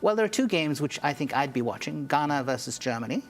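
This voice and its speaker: A man speaking as a journalist guest in a studio interview, explaining his views in a measured, analytical way. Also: a little high, animated.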